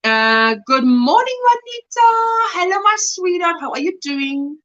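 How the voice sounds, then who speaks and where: A woman's voice: very high-pitched, lively intonation, unhurried, a bit bright, dull audio, soft background music. A South African woman hosting a casual livestream, reading viewers' chat messages aloud and answering them, laughing often as she talks. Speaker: livestream host.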